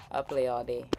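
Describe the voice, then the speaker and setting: Chatty New Orleans woman streamer. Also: rumbling low. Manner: animated, chatty, slangy, laughing asides. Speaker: live-stream host reacting to news. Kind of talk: casual reaction commentary.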